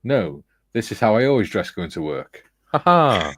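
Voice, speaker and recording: A man's voice: on the low side, sing-song, normal speed, a bit bright, breathy edge, no echo. A man hosting a casual livestream, reading viewer comments aloud with a chuckle. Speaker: livestream host reading chat. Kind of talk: casual chat.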